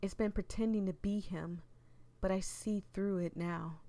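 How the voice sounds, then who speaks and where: A woman voicing an elderly, grieving mother in a horror game, reading in a hushed, intense way that drops into whispers. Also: mid-range voice, fairly even intonation, a little slow, close to an everyday voice. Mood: paranoid, bitter. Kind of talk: dramatic reading of game text.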